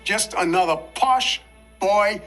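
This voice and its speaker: A man's voice: high-pitched, slow. An actor playing a bitter working-class man in a TV drama, speaking with scorn. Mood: scornful. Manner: scornful, builds to shouting. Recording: clip with music underneath.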